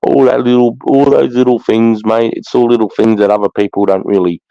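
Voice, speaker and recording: A man's voice: mid-range voice, level tone, a little fast, gravelly, mellow, dry recording. A middle-aged Australian man hosting a casual livestream chat, swearing freely and calling people mate. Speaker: livestream host. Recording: dull, lo-fi stream audio.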